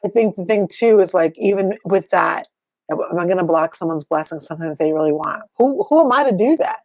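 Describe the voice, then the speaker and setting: A woman's voice: on the low side, animated, brisk, darkish tone, no echo. A middle-aged woman co-hosting a coaching podcast, asking reflective questions in casual chat and laughing often.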